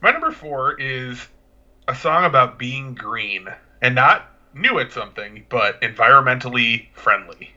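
A man's voice: mid-range voice, animated, measured pace, sharp tone, lo-fi sound. A man co-hosting a podcast, chatting in a laid-back, rambling, joking way. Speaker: podcast co-host. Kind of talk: casual chat.

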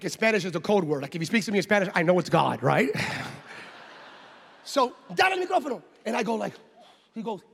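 A man from the United States, a pastor, telling a story in a sermon and acting out the scenes with loud exclamations and voices. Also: very high voice, gravelly, breathy edge. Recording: long hall reverb.

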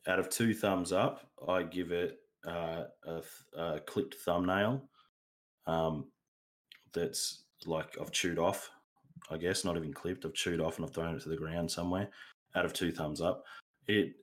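Male co-host, deep-voiced, loose and rambling in casual chat. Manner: rambling, goes off on tangents. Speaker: podcast co-host.

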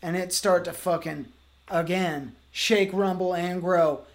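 A man's voice: high voice, fairly even intonation, unhurried, slight background noise. Man rambling a profane absurd tale. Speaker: podcast co-host. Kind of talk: improvised comedic storytelling.

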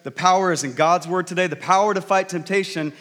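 A man's voice: high-pitched, fast, a bit bright, in a large hall. A male pastor preaching a sermon in a conversational, jokey storytelling way. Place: large church hall.

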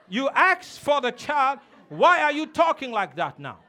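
A man's voice: extremely high pitch, sing-song, a little slow, sharp tone. A man preaching a sermon as a pastor, emphatic and teasing, calling on the congregation to respond.

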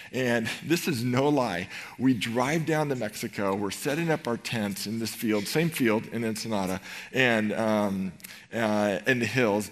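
A middle-aged man preaching a sermon in a church, animated and rhetorical, swinging between loud emphasis and quiet tenderness. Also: mid-range voice. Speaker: pastor. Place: church sanctuary.

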